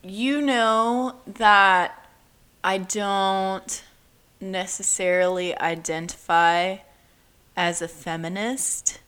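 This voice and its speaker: A woman's voice: medium pitch, fairly even intonation, extremely slow, a bit bright, clean tone. A woman co-hosting a casual show recap, blunt and swearing freely, with dry jokes. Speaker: podcast co-host.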